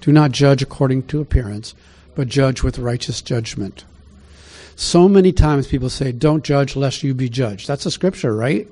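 A man's voice: mid-range voice, normal speed, warm tone. A man preaching a conversational sermon, reading scripture aloud and asking his listeners questions along the way. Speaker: pastor. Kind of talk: sermon Bible teaching.

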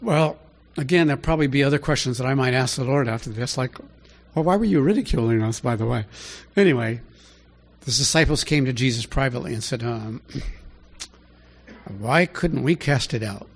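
A man preaching a conversational Bible teaching, asking rhetorical questions and rising in pitch to stress his points. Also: normal speed. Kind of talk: sermon teaching.

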